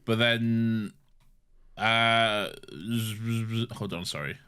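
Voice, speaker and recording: A man's voice: fairly low pitch, slow, sharp tone, clear, resonant tone. A man co-hosting a podcast in laid-back, rambling casual chat, swearing freely. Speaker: podcast co-host.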